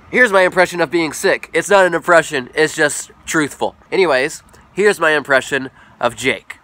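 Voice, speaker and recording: A man's voice: a little high, moderate pace, noisy background. A young man vlogging casually and goofily while recovering from being sick, joking at his own expense. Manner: goofy, playful, self-mocking. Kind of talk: casual vlog.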